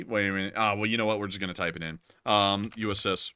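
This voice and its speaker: A man's voice: fairly low pitch, expressive, fast, hardly any pauses, sharp tone, smooth, dry recording, studio quality. A young man from the American South with a light, mostly neutral accent, hosting a live stream in chatty, rambling talk full of fillers. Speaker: host.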